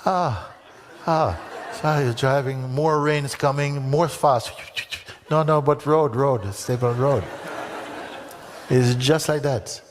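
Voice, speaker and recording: A man's voice: medium pitch, slow, a little hiss or hum. A man giving a spiritual talk to an audience, telling a story playfully, acting out voices and often laughing. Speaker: spiritual teacher in a played video. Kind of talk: spiritual talk with acted-out anecdote.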